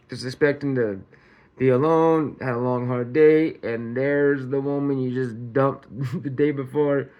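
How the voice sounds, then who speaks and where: A man with an average-pitched voice hosts a casual true-crime commentary. He reads the facts, then drifts into rambling, sarcastic asides, colloquial phrasing and frequent chuckles. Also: lo-fi sound. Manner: laughs often, rambling and sarcastic; colloquial, says y'all.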